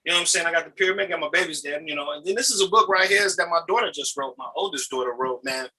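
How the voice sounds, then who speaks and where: A man who is a pastor, talking casually and in a lively, preacherly way on a video call. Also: on the high side, rapid-fire, slightly rough, rough recording. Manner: animated, preacherly, repeats "you know what I'm saying". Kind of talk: casual chat.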